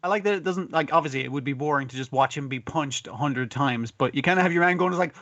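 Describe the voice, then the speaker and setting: A man's voice: a little high, fast talker, hardly any pauses, no echo, dull audio. A man co-hosting a casual podcast, speaking animatedly and quoting characters with plenty of swearing. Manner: animated, quotes characters with profanity. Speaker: podcast co-host. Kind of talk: casual chat.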